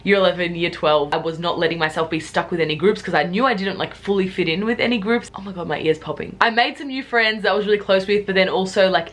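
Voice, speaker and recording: A woman's voice: fairly low pitch, fast, hardly any pauses, a bit bright. Chatty young woman vlogging. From Australia. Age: young adult. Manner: chatty, lots of "like" fillers. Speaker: YouTuber. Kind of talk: casual chat to camera.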